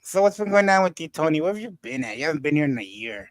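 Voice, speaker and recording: A man hosts a loose live panel chat in a slightly high voice. He rambles and often stops to search for names. His voice is dry and close. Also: sing-song, fast, no echo. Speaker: livestream panel host. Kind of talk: casual chat.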